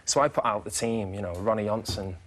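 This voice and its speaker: A man in his thirties, a guest on a talk show, telling stories in a lively way and chuckling now and then. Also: on the low side, fairly quick. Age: 30s. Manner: lively storyteller, chuckles as he talks. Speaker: actor guest. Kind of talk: casual talk-show interview.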